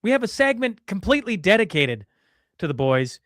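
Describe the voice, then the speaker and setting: Chatty man, fairly high voice. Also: very animated, fairly quick, a bit bright, no echo, clean studio sound. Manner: chatty, addresses listeners as folks. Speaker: podcast co-host. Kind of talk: casual news commentary.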